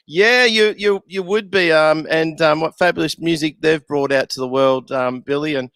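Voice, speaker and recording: A man's voice: a little high, moderate pace, fairly bright tone, clean tone, no room sound. A man hosting a casual live show, laughing often and hesitating with many fillers. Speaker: talk show host. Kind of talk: casual chat.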